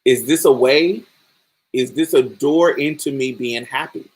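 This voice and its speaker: Husky-voiced woman podcaster, emphatic and profane. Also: very deep voice, a little slow, a little mellow. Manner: emphatic and profane, acts out quoted lines. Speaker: podcast host. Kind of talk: casual film commentary.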